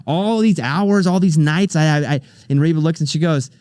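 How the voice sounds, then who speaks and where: A man's voice: on the high side, moderate pace, clean tone, no echo. Man telling a story, dry close sound. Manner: animated storyteller who acts out the people he quotes. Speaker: podcast guest, radio host and comedian. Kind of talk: casual storytelling interview.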